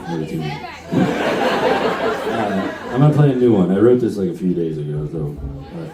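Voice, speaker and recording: A man's voice: low-pitched, lively intonation, moderate pace. A singer-songwriter rambling self-deprecatingly between songs at a live concert, chuckling as he talks. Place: indoor concert venue with a live crowd. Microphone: stage mic, recorded by an audience camera from far off. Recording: echoey concert hall heard from far off, with crowd and band.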